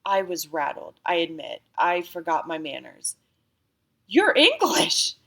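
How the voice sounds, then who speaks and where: Female audiobook narrator, lowish voice, calm and steady storytelling. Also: moderate pace, gravelly.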